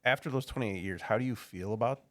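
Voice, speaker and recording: A man asking a long interview question slowly and haltingly. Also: fairly low pitch. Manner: slow, measured, halting. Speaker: podcast co-host.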